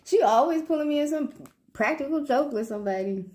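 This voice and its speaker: A woman's voice: high-pitched, expressive, brisk, noisy background. A young woman chatting casually on a tarot livestream, reading out viewers' questions and answering them with loose slang and frequent laughter. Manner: laughs a lot while telling stories, loose slangy talk. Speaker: tarot reader.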